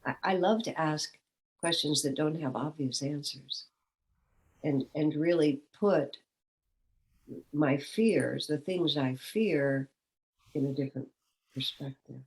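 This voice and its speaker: A woman's voice: low voice, takes it slowly, long pauses, low-quality recording. A woman, a spiritual teacher, giving a reflective satsang talk and asking questions aloud.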